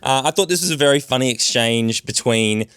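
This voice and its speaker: A man's voice: mid-range voice, brisk, clear, resonant tone, dry recording. A man co-hosting a television recap podcast, talking animatedly and scattering "like" through his sentences. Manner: animated, filler-heavy with "like". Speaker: podcast co-host. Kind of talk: casual podcast chat.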